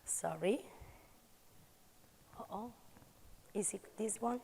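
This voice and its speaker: A woman's voice: medium pitch, takes it slowly, gravelly, warm tone, a little hiss or hum. A woman with an Italian accent leading an audience through a movement exercise at a conference, calling out commands energetically. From Italy. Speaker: conference speaker. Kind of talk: live workshop demonstration. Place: large conference hall. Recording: reverberant conference hall.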